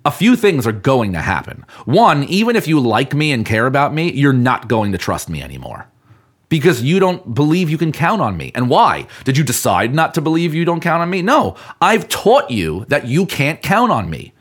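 A man's voice: mid-range voice, huge pitch swings, normal speed, slightly rough. A man hosting a podcast, talking earnestly to the listener in a coaching manner about keeping commitments. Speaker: podcast host. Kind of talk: motivational podcast talk.

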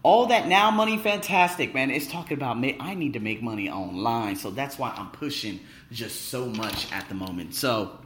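A man talking in a casual vlog monologue, excitable, boastful and full of swearing, as an English teacher vlogger. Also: mid-range voice, roomy sound.

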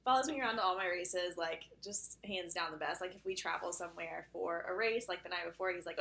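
A woman's voice: lowish voice, a little fast, creaky, sharp tone. A young woman running coach co-hosting a podcast, joking about herself in playful, giggly casual chat. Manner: playful, self-teasing, giggly.

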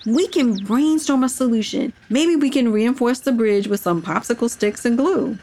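A woman's voice: on the high side, moderate pace, mellow, voice pushed up. A woman voicing an eager, cheerful young bird in a children's audio story. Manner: eager, upbeat.

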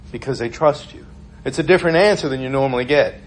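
A man's voice: medium pitch, quick pace, a little hiss or hum. Chatty male preacher telling stories. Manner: conversational, storytelling, laughs often. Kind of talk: informal sermon.

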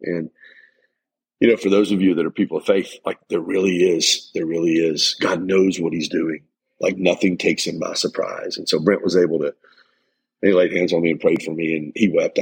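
A man's voice: low-pitched, gravelly, breathy edge, low-quality recording. A middle-aged man hosting a motivational podcast, talking earnestly and emphatically with many restarts. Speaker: life coach and podcast host.

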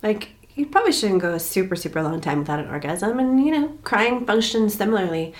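A woman in her thirties talking in a relaxed, expressive way, telling stories with laughter. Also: mid-range voice, fairly quick. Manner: animated, expressive storytelling with laughs. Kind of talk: casual chat.

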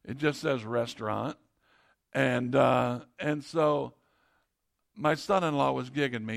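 A man's voice: medium pitch, a little slow, vocal fry. A middle-aged man preaching a sermon, reading scripture and telling stories in a conversational way with frequent restarts. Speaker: pastor.

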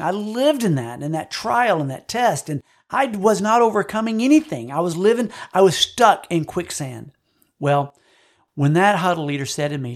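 A man's voice: sits high, creaky. A man preaching a sermon in an earnest, personal testimony style, repeating words when he presses a point. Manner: earnest, personal testimony with frequent swings in loudness. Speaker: pastor.

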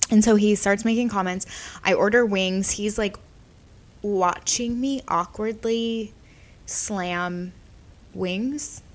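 A woman's voice: medium pitch, slow. A young woman podcast host telling a story in a casual, chatty way, constantly saying "like" and acting out quotes. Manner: chatty, animated, heavy use of "like", quoting herself and others.

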